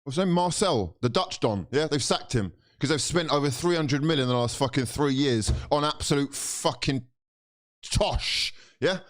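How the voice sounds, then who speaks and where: A young man, ranting in exasperation and swearing as a football fan reacting to a loss, swinging between shouting and muttering. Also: on the high side, expressive, normal speed. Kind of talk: angry fan reaction rant.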